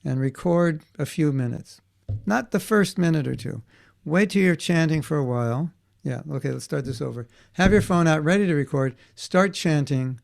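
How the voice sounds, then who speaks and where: A man's voice: a little high, moderate pace, creaky. A man teaching a class for children in a conversational way, often checking in with his students and restarting his sentences. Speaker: workshop teacher for kids.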